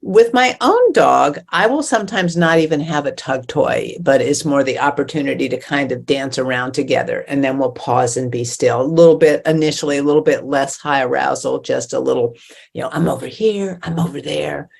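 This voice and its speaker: A woman dog trainer with a low, gravelly voice talks in a relaxed, thoughtful way. She pauses on fillers as she explains her approach. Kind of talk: casual webinar chat.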